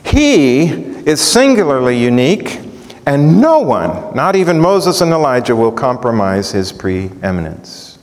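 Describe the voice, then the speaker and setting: In an echoey hall, a preacher with a mid-range voice works through the Bible at a measured pace. He is animated and keeps asking the audience questions.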